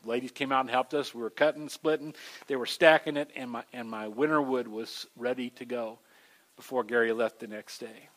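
A middle-aged man preaching a sermon, telling stories with an animated delivery that swings from loud to soft. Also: mid-range voice, normal speed. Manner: animated storytelling, voices shifting loud and soft. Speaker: pastor.

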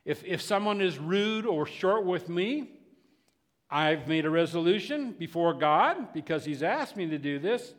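A man's voice: on the high side, lively intonation, unhurried, long reverb tail. A man preaching a sermon in a conversational way, often restarting and repeating words.

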